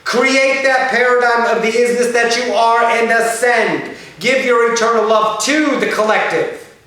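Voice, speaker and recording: A woman voicing a channeled otherworldly spirit, preaching in slow, repeated, incantatory fragments during a spiritual channeling session. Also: fairly high pitch, fairly bright tone. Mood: solemn. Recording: very echoey room, distant mic.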